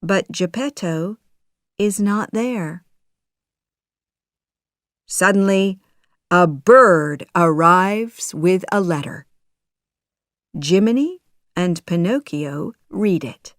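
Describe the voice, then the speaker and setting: Woman narrating a children's story very slowly. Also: on the low side, animated, no echo, studio quality. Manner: slow, clear storytelling.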